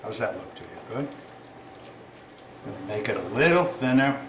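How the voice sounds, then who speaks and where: A man's voice: medium pitch, expressive, normal speed, reverberant, noisy background. A man hosting a casual cooking demonstration, chatty and self-correcting, with apologetic asides. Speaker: cooking show host.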